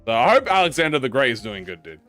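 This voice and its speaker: A man's voice: mid-range voice, very animated, quick pace, a bit bright, soft background music. A young man, a gaming YouTuber, telling a rambling, profane anecdote in casual chat, with lots of restarts.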